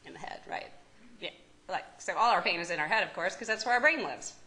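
Her voice sits on the lower side, and she speaks fast and expressively with a pushed, bright quality, though the audio is poor. A psychiatry professor with a Kentucky accent, she's giving a medical lecture in a lecture room, chatting casually, making jokes and asking the audience questions.

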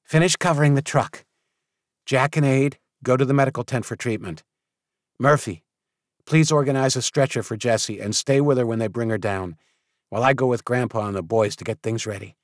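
A man voicing a brisk young woman who leads a survivors' camp, giving quick, commanding orders in a raised voice. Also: mid-range voice, no echo, clean studio sound, voice pushed up, lightly acted.

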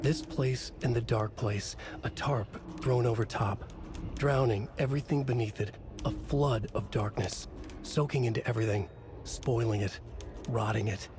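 An actor giving measured, brooding noir narration in short fragmented phrases for a video game. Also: male voice, mid-range voice, natural voice. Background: game music.

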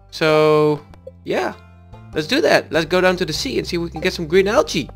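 A man's voice: a little high, fairly bright tone. A man giving casual gameplay commentary as a let's play host, reading in-game dialogue aloud and chatting back to it.

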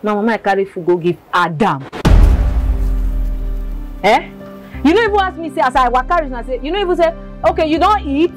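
Young woman doing a blunt nigerian girl, short replies, soft background music. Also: medium pitch, a little slow, long pauses, lightly acted. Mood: arguing. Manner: blunt, curt.

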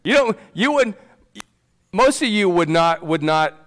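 A man's voice: high voice, expressive, unhurried. A man preaching a sermon in a church, emphatic and conversational, calling on listeners by name. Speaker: pastor.

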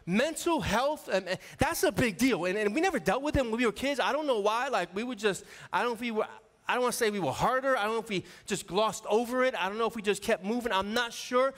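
A man in his forties preaches with a notably high, bright voice, telling stories and calling out to the congregation. His voice carries a long reverb that fills the church sanctuary around him. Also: lively intonation, fast talker. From New York area. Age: 40s. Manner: conversational, storytelling, calls out to the congregation. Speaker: associate pastor. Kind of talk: sermon.

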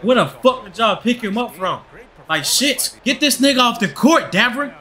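A man's voice: very high-pitched, expressive, normal speed, bright, forceful tone. A young man giving angry, profane gameplay commentary, ranting at the game and the referees. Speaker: gaming channel host.

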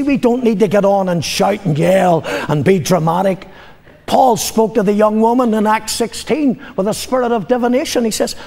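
An older man preaching a sermon as a pastor, telling a story, moving between loud declarations and low, confiding passages. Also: creaky, slightly rough. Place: church. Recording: long reverb of a church hall.

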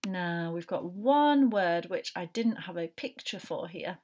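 A woman teaching a phonics lesson to young children, slowly sounding out each letter in turn. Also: lowish voice, expressive, a little mellow. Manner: slow, sounding out letters one by one.

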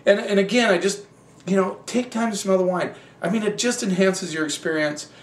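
A man hosting a wine show, tasting and reviewing wines in a relaxed, rambling, conversational way. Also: high-pitched, a little fast, roomy sound, distant mic.

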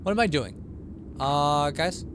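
Slow and with lively intonation, a slightly high male voice narrates a live horror game stream over a noisy background. He's sleepy and yawns as he rambles on, addressing his chat and himself in casual commentary.

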